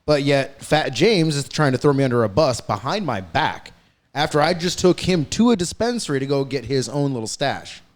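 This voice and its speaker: A man talking in casual podcast chat, heated and profane as he tells a story. His pitch sits in the middle, and he speeds up in quick bursts when angry. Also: very animated. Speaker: podcast host.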